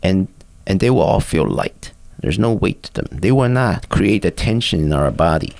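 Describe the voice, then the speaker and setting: An older man, a physician, guiding a listener through a body-awareness exercise in a calm, patient, instructive way. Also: low-pitched, normal speed, gravelly. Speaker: physician and therapist guest. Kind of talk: guiding a mindfulness exercise in conversation.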